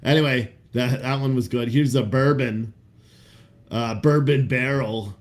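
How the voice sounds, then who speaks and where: A man's voice: medium pitch, steady tone, measured pace. A man hosting a casual show, reading over-the-top coffee ad copy aloud, swearing freely and laughing at his own jokes. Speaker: podcast host.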